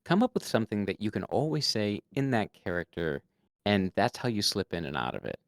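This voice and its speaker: A man's voice: on the low side, brisk, no echo, studio quality. A man and game master, a guest giving casual tabletop roleplay advice and showing voices as he goes. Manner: animated, demonstrates voices.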